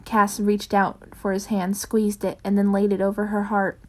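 Brief: woman narrator, mid-pitched, casual home reading of a story, fixes her stumbles as she goes. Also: monotone, normal speed, hardly any pauses, a little mellow. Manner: unpolished, corrects her own slips. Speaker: reader. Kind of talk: reading fan fiction aloud.

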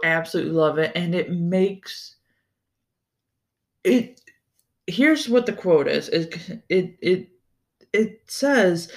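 A young adult man hosting a podcast on his own, talking in a loose, rambling way with lots of "like" and casual swearing. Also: on the high side. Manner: rambling and loose, swears freely, many fillers like "like". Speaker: podcast host. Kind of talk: casual solo podcast chat.

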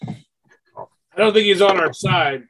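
A man's voice: sits high, slow, a crowd in the background. A man playing a tabletop game, chatting casually and asking about the rules. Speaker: player.

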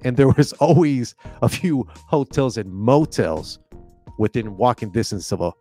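With faint music in the background, a young man and former club DJ casually tells a story on a podcast in a mid-range voice at a slightly slow pace. He's animated, acting out the voices of the people he quotes and laughing often.

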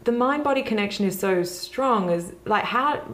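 A woman's voice: medium pitch, animated, normal speed, fairly bright tone. A woman in her thirties with an Australian accent, talking candidly as a guest in a podcast interview and laughing often. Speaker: actress guest.

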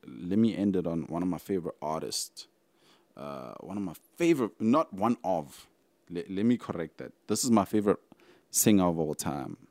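Animated South African man hosting a podcast. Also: sits low, creaky, no room sound. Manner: animated, rambling, talks straight to listeners. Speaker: podcast host. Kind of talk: casual solo podcast talk.

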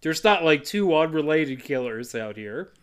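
A man's voice: on the high side, lively intonation, unhurried, clear, resonant tone. A man co-hosting a casual comedy podcast, narrating a film's plot with jokey asides. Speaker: podcast co-host recapping a film.

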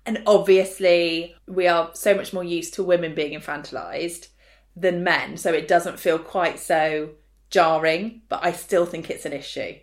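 A woman's voice: lowish voice, fairly even intonation, unhurried. A woman in her thirties, co-hosting a casual podcast chat in a frank, opinionated way with dry humor. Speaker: podcast co-host.

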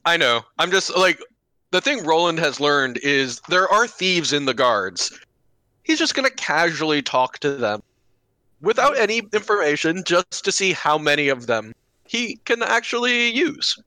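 A young man playing a tabletop game, cracking jokes and chuckling at them. His voice is bright and fairly high, with lively swings in pitch. It sounds dry and close. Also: unhurried, dry recording. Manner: jokey, laughs at own jokes. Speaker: player. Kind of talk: casual play at a tabletop game.

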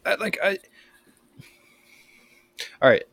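A man's voice: takes it slowly, a bit bright, no echo. A man co-hosting a podcast in casual chat, rambling through explanations with many fillers. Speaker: podcast co-host.

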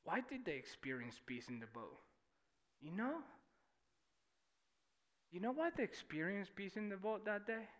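A young man preaching a sermon in church, animated and swinging from shouting to near-whispers. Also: high-pitched, a little slow, long pauses. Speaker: pastor.

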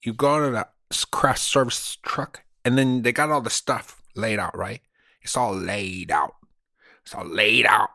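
A man's voice: fairly low pitch, creaky, pushed and bright, no echo, studio quality, heavily acted. A man in his forties voicing a boastful Hollywood insider, with an exaggerated fake movie-gangster Cuban accent and swaggering brags. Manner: swaggering, bragging, drawn-out "man" tags.

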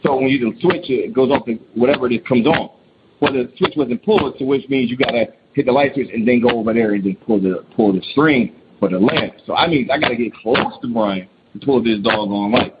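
Casual male storyteller, rambling and slangy, muffled lo-fi recording with steady hiss. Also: medium pitch, brisk. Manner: rambling, restarts often, slangy. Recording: dull lo-fi recording with clear noise.

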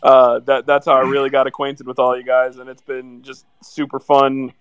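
A man co-hosting a podcast in casual chat, joking with quick asides. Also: medium pitch, monotone, smooth, dry recording, muffled recording. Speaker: podcast co-host.

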